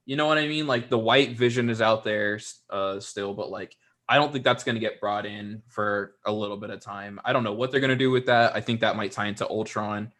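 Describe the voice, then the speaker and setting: Young male co-host, low-pitched, easygoing and rambling, heavy on fillers. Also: fairly quick, a bit bright. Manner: rambling, filler-heavy, laid-back with mocking asides. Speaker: podcast co-host. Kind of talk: casual chat.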